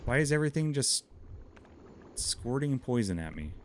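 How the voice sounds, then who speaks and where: A man's voice: mid-range voice, very animated, normal speed, a little hiss or hum. A man with a Minnesotan accent, chatting casually with his chat while streaming a game, laughing often. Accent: Upper Midwestern (Minnesotan). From Montana, USA. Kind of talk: casual gameplay commentary.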